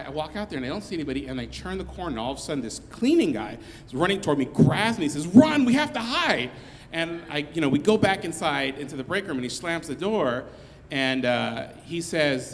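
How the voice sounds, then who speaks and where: A man telling a comic story live on stage, rambling along with restarts and quick asides. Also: mid-range voice, in a large hall, slight background noise.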